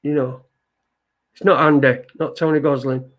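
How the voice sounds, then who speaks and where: A man's voice: mid-range voice, level tone, moderate pace. A man hosting a live stream in casual chat, reading viewer comments aloud, rambling and swearing and repeating himself. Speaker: livestream show host.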